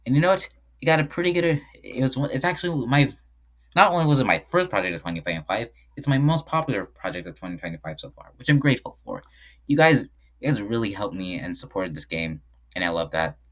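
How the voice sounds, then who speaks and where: A man's voice: mid-range voice, expressive, quick pace, a bit bright. A man giving casual screen-share commentary on his own game, rambling and often correcting himself mid-sentence. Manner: rambling, frequent self-corrections. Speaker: game developer.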